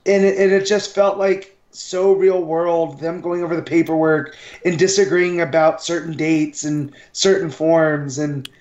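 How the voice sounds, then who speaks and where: Higher-voiced enthusiastic male co-host. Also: steady tone, a little slow, hardly any pauses, a little mellow, reverberant, highs cut off. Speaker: podcast co-host. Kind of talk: casual chat.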